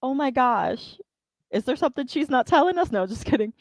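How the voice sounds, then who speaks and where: A woman's voice: high-pitched, brisk, dry recording. A woman hosting a writing livestream, chatting casually and laughing often. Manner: giggly, animated, laughs often. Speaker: livestream host.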